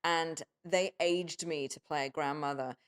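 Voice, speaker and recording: A woman with a somewhat low voice talks as a guest in a relaxed interview. She makes quick guesses out loud and tells her stories with lively energy. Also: smooth. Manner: chatty, quick guesses, animated storytelling. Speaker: guest actor. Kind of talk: casual interview chat.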